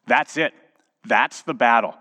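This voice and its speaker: A man in his thirties delivers a sermon in a mid-pitched voice. He tells stories with lively emphasis, slowing for dramatic moments. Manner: animated storytelling with dramatic pauses and emphasis. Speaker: pastor.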